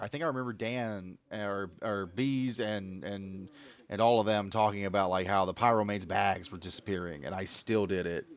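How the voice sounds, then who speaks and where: A man's voice: fairly low pitch, moderate pace. A man with a Southern American accent, in his thirties, casually talking through a game on stream, rambling, joking about himself and chatting to the animals on screen. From Southern United States. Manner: rambling, self-mocking, chats to the game animals. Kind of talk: casual gameplay commentary.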